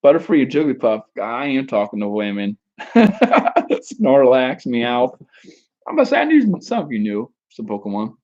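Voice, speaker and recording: A man's voice: medium pitch, wildly swooping pitch, a little slow, darkish tone, lo-fi sound. Rambling, crude man on a live stream. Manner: rambling, crude and joking, with many restarts. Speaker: dating coach answering viewer chat. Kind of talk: casual live stream chat.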